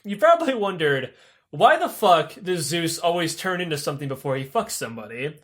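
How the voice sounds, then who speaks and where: A high-voiced man tells old myths as a comedy bit on a podcast. He swears freely, stays animated, and slips into silly voices for the characters. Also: brisk. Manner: profane, animated, does goofy character voices. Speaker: podcast host. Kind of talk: comic storytelling of myths. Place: podcast studio.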